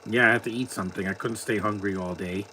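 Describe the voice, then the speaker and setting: A man's voice: on the low side, steady tone, fast talker, pushed and bright, slight background noise. Offhand man giving blunt movie commentary. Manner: blunt, opinionated, offhand asides. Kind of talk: casual live movie commentary.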